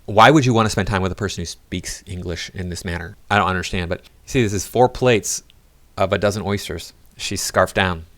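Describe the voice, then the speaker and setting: A man's voice: low-pitched, fairly quick, a bit bright, no echo. A man giving sarcastic, mocking commentary on video clips. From United States. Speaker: reaction commentator. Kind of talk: critical commentary over clips.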